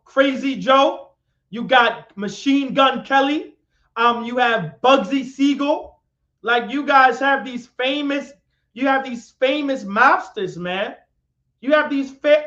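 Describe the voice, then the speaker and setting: A male instructor with a very high, fairly bright voice runs a live-streamed lecture, repeating points and questioning the audience, calling on them to answer. The sound is dull, echoey, and lo-fi.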